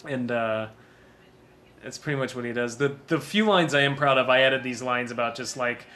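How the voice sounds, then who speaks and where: A man's voice: medium pitch, normal speed, sharp tone. A man giving a casual DVD commentary on his own film, rambling and self-deprecating and laughing often.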